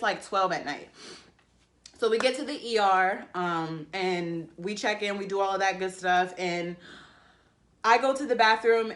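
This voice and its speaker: A woman's voice: mid-range voice, fairly bright tone. Rambling, emotional young woman vlogger. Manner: rambling, emotional, many "like" fillers and restarts. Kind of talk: casual storytelling to camera.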